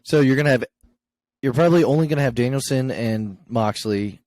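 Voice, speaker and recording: A man's voice: medium pitch, fairly quick, a little mellow, no room sound. A young man co-hosting a podcast, casually recapping wrestling shows with lots of fillers and chuckles. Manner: rambling recap with many fillers and laughs.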